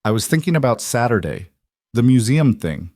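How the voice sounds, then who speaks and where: A man's voice: mid-range voice, sing-song, normal speed, darkish tone, dry recording, clean studio sound, natural voice. A man voicing a self-assured woman executive in audiobook dialogue, firm and direct. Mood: earnest.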